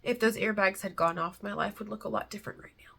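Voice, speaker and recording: A woman vlogger speaks to camera with a gravelly, husky voice. She talks about faith in an earnest, heartfelt way and drifts into chatty, rambling asides. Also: mid-range voice, fairly even intonation, fast talker, bright, forceful tone. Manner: earnest and heartfelt, close to tears at times; chatty and rambling between thoughts. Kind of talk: casual faith talk to camera.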